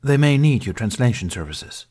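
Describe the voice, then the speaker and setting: A man's voice: medium pitch, animated, moderate pace, dark tone, pitched above the performer's own voice, natural voice. A man reading a fan fiction audiobook, voicing a stern, formal male Jedi master with cold, contemptuous authority.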